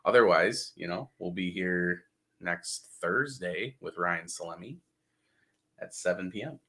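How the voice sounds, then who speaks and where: Man, fishing podcast co-host, easygoing, lowish bright voice. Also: unhurried. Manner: easygoing, brief agreeing replies. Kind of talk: casual chat.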